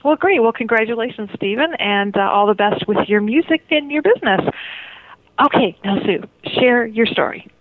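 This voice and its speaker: A woman's voice: fairly high pitch, expressive, normal speed, noisy background. A woman hosting a talk radio show, upbeat and chatty, laughing often. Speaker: radio host. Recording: tinny phone-line sound.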